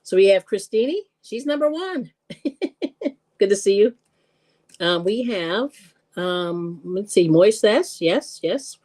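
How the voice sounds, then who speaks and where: A woman hosting a live-stream cooking show, chatting casually, laughing often and greeting viewers with excited squeals. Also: mid-range voice, slow pace, long pauses.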